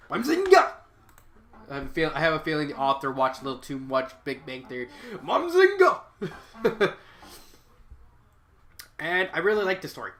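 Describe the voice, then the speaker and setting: A man's voice: on the high side, sharp tone. A young man with a stuffy head cold, giving a rambling, casual spoken review of a fan fiction and often restarting his sentences. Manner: rambling, self-correcting, frequent restarts.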